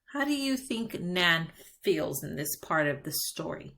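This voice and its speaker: Slow, patient bilingual teacher woman. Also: fairly low pitch, very animated, sharp tone. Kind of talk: bilingual classroom lesson.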